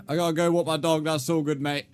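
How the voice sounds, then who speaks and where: A man's voice: on the high side, steady tone, normal speed, clear, resonant tone, dry recording, studio quality. A young man streaming a building game, chatting with viewers, swearing freely and calling everyone mate. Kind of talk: casual gameplay livestream chat. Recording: faint background music.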